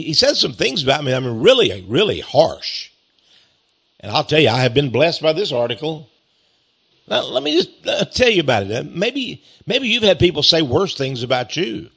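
A man's voice: fairly high pitch, very animated, moderate pace, creaky, fairly bright tone, breathy edge. A man with an East Texas accent, hosting a talk monologue, reading a critical article aloud and mocking it with sarcastic, chuckling remarks. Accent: Texan. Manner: chuckling, drawling, sarcastic, repeats phrases with mock pride. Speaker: host.

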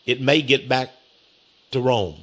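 A man's voice: slow, fairly bright tone. A man voicing a wary Roman governor who hesitates and stammers, within a sermon's storytelling. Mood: nervous. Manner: hesitant, stammering, muttering low.

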